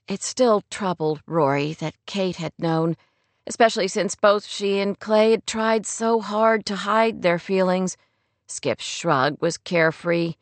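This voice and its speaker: A woman reading a novel aloud in a gentle, measured style at a middle pitch. The recording is dry and close, with no room sound. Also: no room sound. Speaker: audiobook narrator. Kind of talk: scripted narration.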